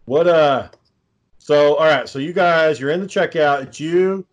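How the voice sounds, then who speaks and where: A man's voice: fairly high pitch, measured pace. A man chatting casually, asking easygoing questions. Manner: laid-back, asks questions, drawls y'all. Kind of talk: casual chat.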